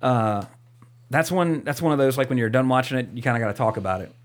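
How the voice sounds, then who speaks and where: A man's voice: medium pitch, fast. A young man co-hosting a podcast, chatting casually and rambling, with lots of fillers, restarts and swearing. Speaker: podcast co-host.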